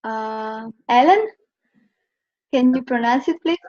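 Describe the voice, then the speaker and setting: Her fairly high, darkish voice moves slowly as she walks students through Chinese pronunciation online. The Slovenian teacher patiently says each sound again and again. The video-call audio sounds muffled.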